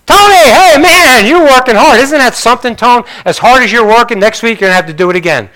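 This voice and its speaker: A man voicing his teasing younger male neighbor, loud and jovial, during a sermon. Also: very high-pitched, lively intonation, quick pace, voice pushed up, exaggerated voice, poor audio.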